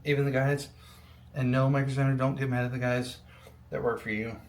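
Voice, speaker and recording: A man's voice: mid-range voice, flat delivery, fairly quick, a little mellow. A young adult man rambling casually while building a PC, with lots of ums and the odd swear word. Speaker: PC builder vlogger. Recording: echoey room with faint ambience.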